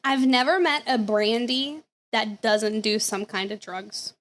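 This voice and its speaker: A young Southern woman who streams video reactions tells a laid-back story in her Southern accent, laughing a lot. She speaks a little slowly, her voice slightly high and a bit bright.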